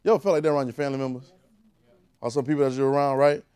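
A man preaching a conversational sermon, repeating phrases and rising to shouted calls. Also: mid-range voice, steady tone, rapid-fire, clean tone.

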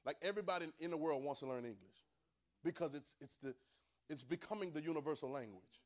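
Sex: man. Role: preacher. Style: high-voiced emphatic sermon. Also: fast talker. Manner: emphatic, repeats phrases, calls for responses from listeners. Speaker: preacher teaching a Bible class.

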